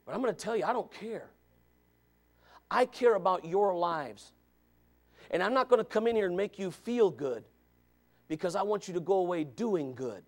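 A man preaching a Sunday school sermon as a Baptist preacher, hammering points through repetition and building up to shouting. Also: high voice, lively intonation, moderate pace, long pauses.

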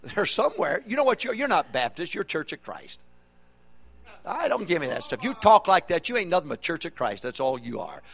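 Animated preacher man, lively high voice. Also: a little fast, vocal fry. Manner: animated, humorous, call-and-response preaching. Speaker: pastor. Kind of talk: sermon. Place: church auditorium.

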